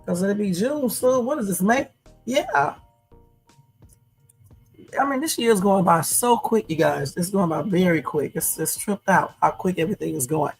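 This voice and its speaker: Chatty woman hosting a livestream, gravelly. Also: medium pitch, lively intonation, normal speed, a little mellow. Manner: chatty, addresses viewers as y'all. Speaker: livestream host. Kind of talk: casual livestream commentary. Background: faint music.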